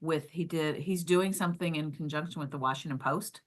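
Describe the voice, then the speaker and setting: Talking a little fast in a deep voice, this woman hosts a podcast and interviews her guest casually. She's enthusiastic, and her speech is full of "like" and "um."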